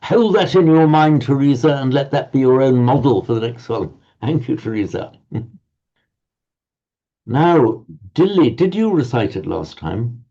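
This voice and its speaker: Male Pali tutor, warm and dark-toned, corrective, slightly muffled lo-fi recording. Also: mid-range voice, lively intonation, measured pace. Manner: patient, corrective, repeats words while searching. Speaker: Pali pronunciation teacher. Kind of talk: teaching pronunciation in a group class. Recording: dull lo-fi audio.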